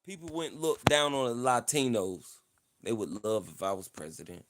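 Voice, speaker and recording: Male livestream host, playful and boastful, fond of repeating himself, mid-pitched voice. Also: very animated, normal speed, background noise. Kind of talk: casual livestream chat.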